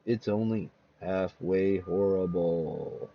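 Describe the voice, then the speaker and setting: A man voicing a cackling ghoulish male horror-comic host in a slow, theatrical, gloating manner. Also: low voice, creaky, lo-fi sound, voice pushed down, full character voice.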